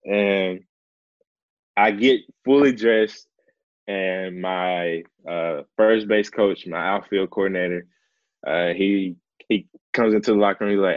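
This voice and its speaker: Deep-voiced man telling a story casually. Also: slow, no echo, muffled recording. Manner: relaxed, earnest, heavy use of "like" and "man". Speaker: professional baseball player as guest.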